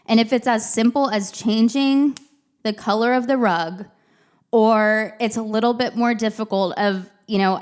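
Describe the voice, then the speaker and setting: Young adult woman, podcast host, candid confessional chat, filler-heavy, mid pitch. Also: clean tone. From San Antonio, Texas. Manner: candid, chatty, many fillers like "like" and "you know". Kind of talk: casual heartfelt monologue.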